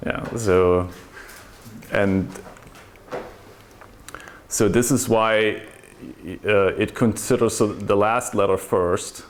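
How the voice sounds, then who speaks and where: Low-voiced man giving a technical talk. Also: steady tone, very slow, pauses often, a little hiss or hum. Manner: explanatory, asks rhetorical questions. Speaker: conference speaker.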